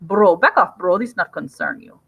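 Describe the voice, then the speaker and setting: A woman's voice: on the low side, very animated, moderate pace, vocal fry, fairly bright tone, husky, heavily acted. Woman doing a menacing landlord thug. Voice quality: clipped broken English, threatening. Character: gruff male landlord thug with a tough-guy accent.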